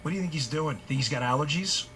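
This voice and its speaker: A man's voice: a little high, fast, fairly bright tone, a little hiss or hum. A male talk show host in his forties delivering a heated political monologue, hammering points with repeated rhetorical questions.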